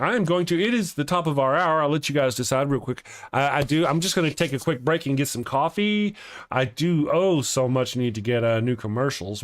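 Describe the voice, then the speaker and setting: A man's voice: mid-range voice, no echo. A man hosting a live stream in casual chat, rambling and chuckling as he reads viewer comments aloud. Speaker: live-stream show host.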